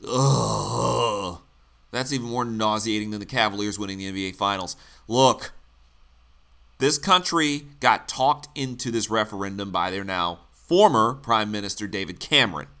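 Blunt, sarcastic American man with a bright voice. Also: on the low side, moderate pace, smooth. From United States. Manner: sarcastic, blunt, swears freely. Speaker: commentary host. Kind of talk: opinionated political commentary.

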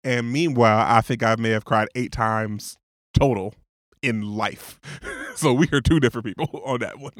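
A man's voice: mid-range voice, fairly even intonation, moderate pace, dry recording, clean studio sound. A man co-hosting a podcast in casual chat, laid-back and teasing, laughing often. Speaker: podcast co-host.

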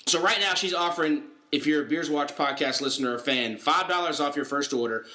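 A man's voice: a little high, brisk, pushed and bright. A man hosting a casual podcast from a basement, joking and laughing through a loose ad read with rambling asides. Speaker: podcast host. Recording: roomy basement echo.

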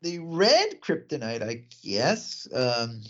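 A man with a mid-range, slightly bright voice co-hosts a casual podcast, recapping a movie plot slowly as his pitch swoops wildly. He rambles through the story with fillers, asides, and laughs. The lo-fi podcast audio sounds dull.

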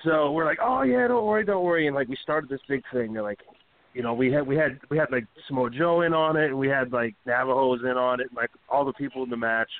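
A man on a wrestling radio show speaks quickly in a steady, medium-pitched voice, winding through a long backstage story that's casual, profane and full of fillers. The recording is tinny, phone-like, and faintly hissy.

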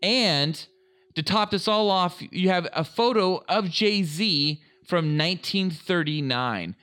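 Young male podcast co-host, crude and jokey, leads the chat; bright tone, a bit high. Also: lively intonation, slow, clean tone. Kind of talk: casual podcast banter.

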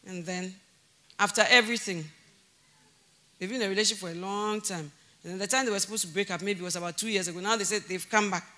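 This woman pastor preaches quickly, full of energy and laughing often. Her volume swings from emphatic shouts down to a low, sincere register.

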